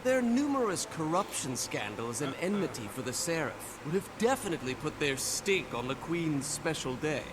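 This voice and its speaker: A vain, pompous noble fop. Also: male voice, on the high side, very animated, moderate pace, hardly any pauses, background noise. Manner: pompous, florid.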